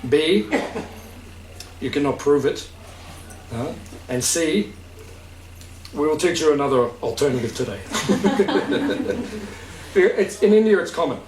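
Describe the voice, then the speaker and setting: A man's voice: fairly high pitch, animated, takes it slowly, pauses often. A man as spiritual teacher giving an informal talk to a gathering, conversational, checking understanding with questions and laughing easily. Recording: echoey room, distant mic, faint hiss.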